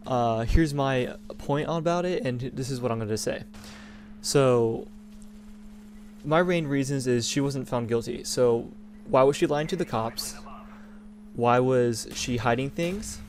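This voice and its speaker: A man's voice: mid-range voice, measured pace, a little mellow, slight background noise. Indignant young man ranting casually. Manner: rambling, indignant, full of restarts. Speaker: gaming channel host. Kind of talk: casual opinion rant over gameplay.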